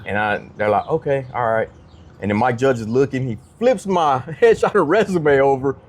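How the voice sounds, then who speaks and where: A man's voice: medium pitch, moderate pace, a little hiss or hum. A man, a comedian guest on a podcast, telling a story in a casual way and acting out the other people's lines in changed voices. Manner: animated, acts out quoted dialogue in changed voices.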